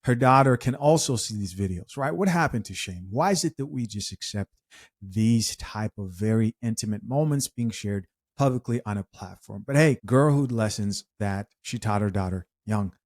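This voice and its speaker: A man's voice: lowish voice, expressive, normal speed, no echo, clean studio sound. A man hosting a podcast, giving critical, lecturing commentary on video clips. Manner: reads sponsor ad. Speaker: podcast host reacting to clips.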